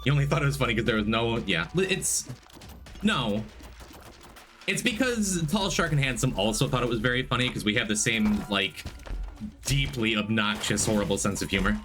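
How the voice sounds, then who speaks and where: A male streamer chats casually and rambles through his stories. His pitch swings widely as he greets his viewers by name. Faint music plays in the background. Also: animated, normal speed, a bit bright. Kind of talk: casual chat on a game stream.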